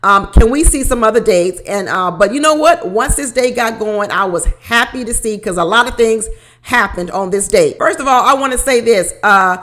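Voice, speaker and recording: Lively woman recapping reality TV. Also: a little high, moderate pace. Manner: animated, laughs often, repeats phrases. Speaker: reality show recap host. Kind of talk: casual commentary.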